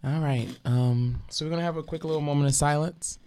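A woman's voice: low voice, a little fast, warm tone. A woman, hosting a casual radio chat show with loose, joking, profane talk and slightly congested sinuses. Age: 20s. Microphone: studio mic.

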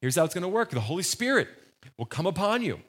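A man's voice: sits high, very animated, fast, slightly rough, pitched above the performer's own voice, exaggerated voice. A man voicing the angel Gabriel in a sermon, easygoing and matter-of-fact. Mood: reassuring. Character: male angel Gabriel, breezy and casual.

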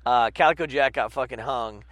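A man's voice: medium pitch, normal speed, fairly bright tone, no room sound. Rambling man telling profane stories. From New York. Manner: rambling, profane storytelling with silly put-on voices. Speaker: podcast co-host. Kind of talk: casual chat.

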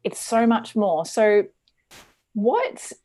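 A woman's voice: mid-range voice, big pitch swings, very slow, a little mellow. A woman hosting a podcast interview, asking long questions and rephrasing them eagerly. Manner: enthusiastic, rephrases her questions. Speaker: podcast host.

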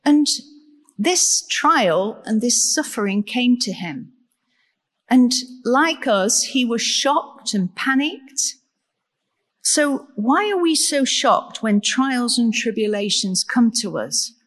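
A woman preaching a sermon in a slow, measured way and asking rhetorical questions. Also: a little high, animated, a bit bright. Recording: long reverb in a large hall.

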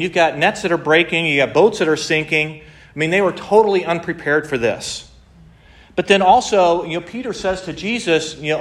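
A man preaching a sermon, retelling a story in a lively way, acting out the quotes, with many restarts. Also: a little high. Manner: animated storytelling with frequent restarts and acted-out quotes. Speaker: pastor.

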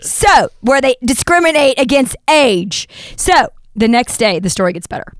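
High-voiced woman telling a story. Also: normal speed, dry recording, studio quality. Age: 40s. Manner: animated, mimics voices in anecdotes. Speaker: podcast host. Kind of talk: casual storytelling chat.

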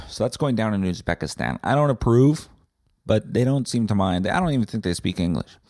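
A young Canadian man hosting a comedic solo podcast, rambling and swearing with deadpan asides. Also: fairly low pitch, moderate pace, no room sound, studio quality. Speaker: podcast host.

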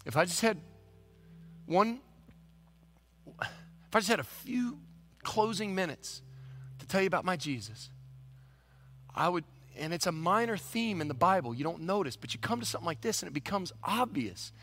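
A male pastor delivering a sermon in a high, bright, ringing voice. His pitch leaps all over the place as he moves from near-whispered passages up to shouted climaxes. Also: expressive, moderate pace, pauses often. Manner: swings from hushed to shouted, very dynamic.

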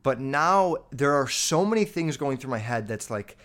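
A man spinning a casual storytime monologue, cursing freely and leaning on "like" at every turn. He rambles and talks straight to his listeners in a mid-pitched voice, animated and loose. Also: moderate pace. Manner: profane, rambling, filler-heavy with constant "like"; animated, addresses listeners directly.

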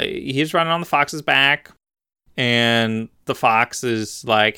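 A male podcast co-host in casual chat, animated and joking, leaning on filler words. His voice is bright and crisp. It is clear and smooth. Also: mid-range voice, slow pace. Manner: animated, jokey, filler-heavy.

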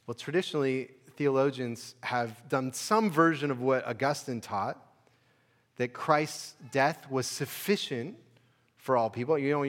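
A pastor delivering a sermon in a casual, conversational way, with restarts and rising emphatic stretches. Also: male voice, mid-range voice, in a large hall. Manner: conversational preaching with restarts, building to emphatic peaks.

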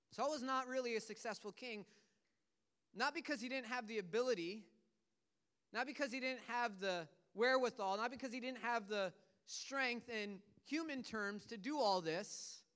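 High, smooth-voiced male preacher. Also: fairly bright tone. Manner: earnest storytelling preacher, paraphrasing scripture in casual words. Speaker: pastor. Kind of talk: sermon.

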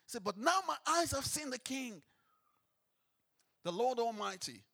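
A man's voice: extremely high pitch, very animated, a little slow, vocal fry, sharp tone, husky. A man preaching a sermon, asking the congregation questions and reading scripture with rising emphasis.

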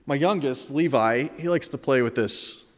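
A man's voice: medium pitch, normal speed, slight background noise. A man in his thirties telling a personal story with candid, humorous asides. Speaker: speaker. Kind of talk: personal reflective talk. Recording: echoey hall.

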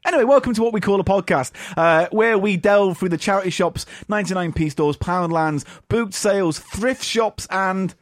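A man's voice: high-pitched, moderate pace, hardly any pauses, no echo, studio quality. A man co-hosting a comedy podcast, joking, teasing and swearing as he chats. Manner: jokey, crude and swearing, teasing. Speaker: podcast co-host. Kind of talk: casual comedy chat.

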